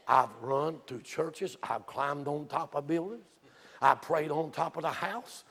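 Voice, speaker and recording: Male preacher, folksy storyteller, bright and husky, long church reverb. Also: on the high side, unhurried. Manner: folksy storytelling, rising to excited shouts. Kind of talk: sermon. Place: church sanctuary.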